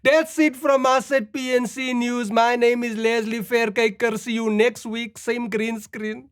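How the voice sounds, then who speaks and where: A woman fronts a satirical news sketch as a mock anchor. Her voice sits a little high, and she lands the jokes with straight-faced newsreader timing. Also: little pitch movement, clean tone, no room sound. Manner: mock-newscaster delivery with punchline pauses.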